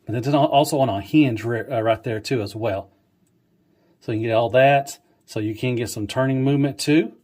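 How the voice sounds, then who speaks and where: A man casually reviewing an action figure, pointing out details with enthusiasm and dropping to a hushed, admiring tone at times. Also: mid-range voice. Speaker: toy reviewer. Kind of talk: casual toy review walkthrough.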